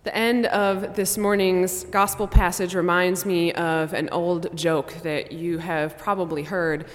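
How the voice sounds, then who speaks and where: A woman's voice: lowish voice, fairly even intonation. Woman pastor preaching in a reverberant church. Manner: measured, softening to a hush on sombre lines. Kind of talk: sermon. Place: church sanctuary.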